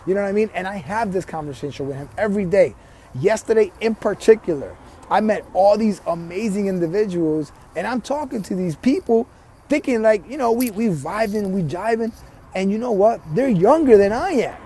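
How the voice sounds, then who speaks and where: A man's voice: sits high, expressive, moderate pace, mellow, a little hiss or hum. A man working as a life coach, giving a motivational vlog monologue straight to his viewers, earnest and often restarting or repeating words.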